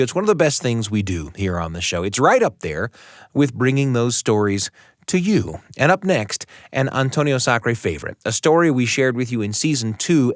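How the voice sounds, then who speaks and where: A man's voice: mid-range voice, no echo, studio quality. A man hosting a storytelling podcast, introducing the next story in scripted narration. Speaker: podcast host.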